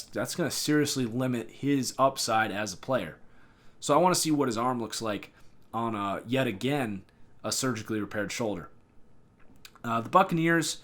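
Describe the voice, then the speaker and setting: Male podcast host, casual and opinionated, mid-pitched, talks loosely with fillers and restarts. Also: fairly bright tone. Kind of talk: solo football analysis podcast.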